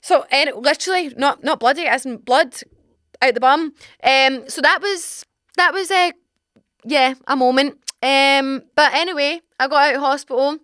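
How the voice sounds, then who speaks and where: A young Scottish woman in her twenties, hosting a podcast and telling a personal story with animated, dramatic asides. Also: high voice, moderate pace, dry recording, studio quality. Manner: animated, dramatic retelling with acted-out exclamations. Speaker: podcast host. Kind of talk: casual storytelling chat. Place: small home podcast studio.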